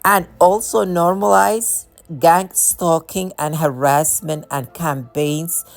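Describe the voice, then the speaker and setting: Low-pitched woman, impassioned monologue, repetitive, faint music behind. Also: fairly even intonation, slow pace, gravelly. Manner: impassioned, repetitive, with frequent restarts. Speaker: video creator. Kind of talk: monologue to camera.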